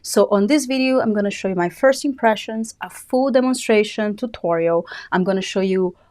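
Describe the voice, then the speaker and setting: Hosting a live beauty product review, a woman with a Brazilian Portuguese accent is chatty and enthusiastic, and she sounds a little out of breath. Her voice is medium-pitched and darkish, at a moderate pace. She runs a beauty channel.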